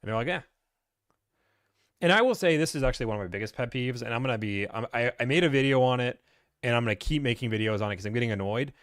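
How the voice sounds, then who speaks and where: A man hosting a casual Q&A stream, blunt and ranting, acting out salesmen in quick put-on voices. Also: medium pitch, expressive, a bit bright, dry recording, clean studio sound. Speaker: host answering viewer questions. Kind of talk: casual livestream Q&A.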